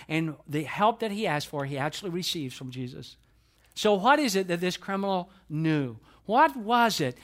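Emphatic high-voiced preacher. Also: male voice, a bit bright. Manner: emphatic, repeats key phrases, asks rhetorical questions. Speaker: pastor. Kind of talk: sermon. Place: church with a projection screen.

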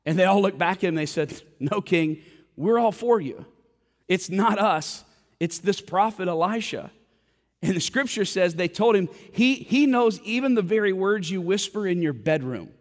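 A man's voice: high voice, lively intonation, moderate pace. A man preaching a sermon as a pastor, retelling a story with dramatic quoted voices. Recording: long hall reverb.

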